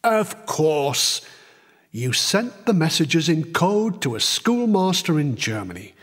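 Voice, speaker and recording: A man voicing a stern army major who speaks calmly and persuasively, in a slow, lively reading with a long reverb behind it. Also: fairly high pitch, husky, full character voice. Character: stern middle-aged male army major.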